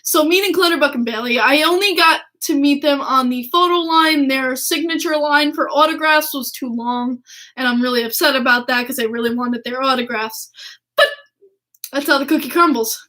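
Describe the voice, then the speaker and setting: An excitable woman hosts a casual podcast, with a notably high voice. She gushes as she tells her story, laughs often and swears freely. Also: normal speed. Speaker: podcast host.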